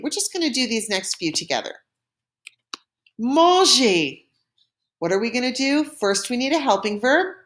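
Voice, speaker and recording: Patient woman teaching French verbs. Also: medium pitch. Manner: patient, step-by-step explaining, modeling pronunciation. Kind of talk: recorded classroom lesson.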